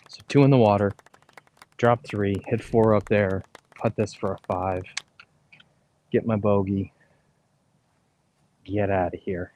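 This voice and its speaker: A low-voiced man hosting a golf livestream outdoors. He talks himself through each shot in a matter-of-fact way. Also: fairly even intonation, slow pace, pauses often, a little mellow, slight background noise. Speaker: host and golfer. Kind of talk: casual livestream chat.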